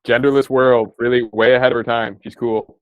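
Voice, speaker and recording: A laid-back man chatting in a podcast interview, who drops slang and hesitates with fillers. His mid-pitched voice is recorded dry and close. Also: little pitch movement, fairly quick, no room sound, narrow, tinny audio. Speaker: podcast co-creator. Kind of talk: casual interview chat.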